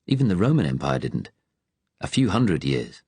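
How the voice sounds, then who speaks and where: A man narrating as an earnest, thoughtful resistance leader in an audiobook, speaking with quiet conviction. The voice sits a little above the reader's own low pitch, recorded close and dry. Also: sing-song, moderate pace, slightly rough, no room sound, full character voice.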